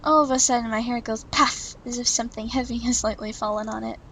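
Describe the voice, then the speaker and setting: A woman's voice: fairly high pitch, fairly even intonation, fast, fairly bright tone, slight background noise, rough recording. A woman voicing a prim, stubborn young female trainee, narrating her thoughts earnestly in first person from a visual novel. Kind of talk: reading a visual novel aloud.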